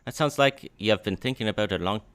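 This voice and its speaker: A man's voice: lowish voice, fast talker, a bit bright, clear, resonant tone, no room sound, close to an everyday voice. A man voicing a coarse, scheming middle-aged merchant who swears and talks with a vague put-on accent. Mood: sly.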